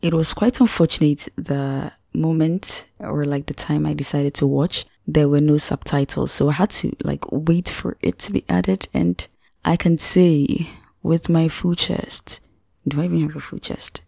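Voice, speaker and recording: A woman's voice: low-pitched, fairly even intonation, unhurried, gravelly, darkish tone, no echo, clean studio sound. A young woman, hosting a podcast and reviewing a film in a chatty, slangy way that talks straight to the listener. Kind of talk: casual spoken movie review.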